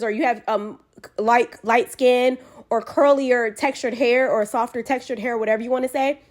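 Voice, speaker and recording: A woman with a Southern American drawl delivers a casual rant straight to camera. Her voice sits high, and she hammers her points with repeated phrases, breaking in with frequent ums and false starts. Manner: emphatic, repetitive, with frequent ums and restarts. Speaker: commentary vlogger.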